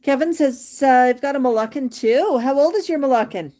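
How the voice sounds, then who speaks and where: A woman's voice: sits high, fairly quick, warm tone. A woman hosting a livestream about her pet parrot, reading viewer comments and chatting casually about bird care. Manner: sing-song baby talk to her bird, then chatty comment reading. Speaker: pet parrot channel host.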